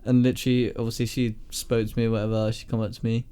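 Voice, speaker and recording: A man's voice: medium pitch, level tone, fast talker, warm tone, clear, resonant tone. A young man with an English accent, chatting casually as a podcast co-host in an easygoing way and agreeing readily. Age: young adult. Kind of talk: casual chat.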